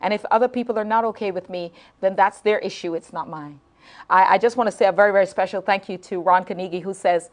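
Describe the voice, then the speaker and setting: A middle-aged woman with a mid-range voice talks fast while hosting a live late-night talk show. Heartfelt and emotional, she repeats phrases and stumbles over her words as she addresses viewers.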